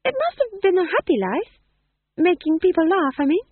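A reader playing a shy young witch, high and wavering. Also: very animated, normal speed, dry recording. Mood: nervous. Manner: polite, hesitant, high wavering voice. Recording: tinny phone-like audio.

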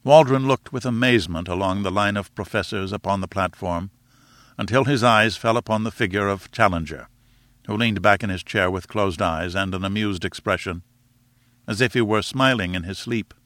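A man reading a classic novel aloud in measured, expressive storytelling narration. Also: on the low side, no room sound. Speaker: audiobook narrator. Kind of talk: scripted narration.

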